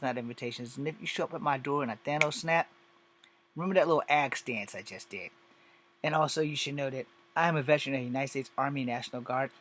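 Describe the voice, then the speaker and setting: A man's voice: mid-range voice, fairly bright tone, slight background noise. A man giving a profane, exasperated and sarcastic rant in a casual video, reacting to clips he has watched. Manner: exasperated, sarcastic, heavy swearing. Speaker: commentator on social media videos. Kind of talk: profane ranting commentary.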